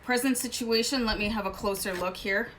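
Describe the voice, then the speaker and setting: A woman's voice: on the high side, fairly quick, a bit bright. Woman doing a chill tarot reading, rambly and chatty, some faint background hum. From Canada. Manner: chatty and rambling, with many fillers and asides. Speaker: tarot reader. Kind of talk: casual tarot reading to camera.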